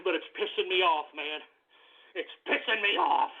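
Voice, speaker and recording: A man's voice: high-pitched, animated, moderate pace, sharp tone, slightly rough, dull audio. A man hosting a comedic talk radio show, ranting and cursing in exasperation. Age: adult.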